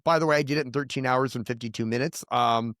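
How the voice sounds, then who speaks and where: A man's voice: mid-range voice, steady tone, fast, fairly bright tone, no room sound, studio quality. A man in his fifties, a pastor, telling his personal testimony in an earnest, rambling way, full of restarts and quoted prayers. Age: 50s. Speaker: pastor and guest.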